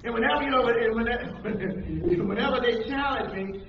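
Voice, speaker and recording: A man preaching a call-and-response sermon to a congregation, animated and calling out questions for them to answer. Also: very high voice, moderate pace, noisy background. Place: church hall with a congregation. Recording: echoey room from far off, dull lo-fi.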